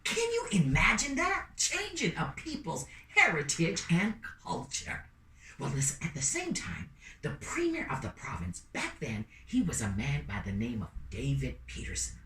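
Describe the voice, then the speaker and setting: A woman telling a story in an animated, playful way, calling out to her listeners. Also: sits low, moderate pace, recorded from a distance. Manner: lively, playful, calls out to listeners. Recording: roomy sound from away from the mic.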